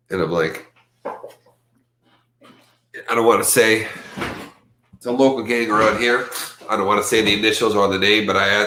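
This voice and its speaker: A man hosting a casual livestream, rambling and lively when he quotes others, with his allergies acting up. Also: low voice, roomy sound. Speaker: livestream host.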